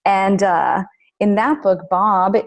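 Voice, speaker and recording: Earnest, animated woman author, guest on a podcast. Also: medium pitch, slow pace, creaky. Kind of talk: podcast interview.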